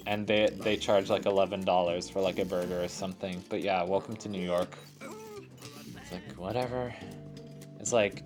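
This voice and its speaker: A man casually commenting on a puzzle game as he plays, rambling through chatty asides full of filler words. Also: fairly low pitch. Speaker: let's play host.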